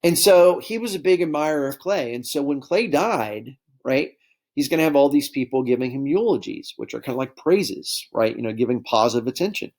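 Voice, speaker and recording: A man teaching a history lesson in a relaxed, conversational way, often checking in with his students. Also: medium pitch, brisk. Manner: conversational, keeps addressing students as guys with frequent okay and right checks. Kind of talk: classroom lecture.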